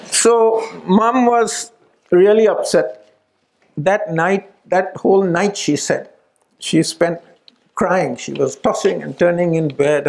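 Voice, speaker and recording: A man's voice: fairly high pitch, creaky, darkish tone. A middle-aged man telling a family story at a gathering, acting out the voices of the people in it. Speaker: speaker at a spiritual retreat. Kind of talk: storytelling talk.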